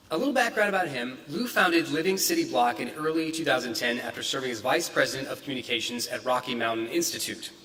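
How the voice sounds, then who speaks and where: A man's voice: mid-range voice, a bit bright, a little hiss or hum. A man hosting an event, reading an introduction of the guest speaker from notes, with fillers and some stumbles. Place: event hall. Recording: distant, echoey hall.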